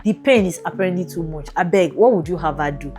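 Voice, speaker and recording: A woman podcast host who reads a listener's letter aloud and adds expressive comments, often laughing between passages. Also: lowish voice, fast talker, soft background music.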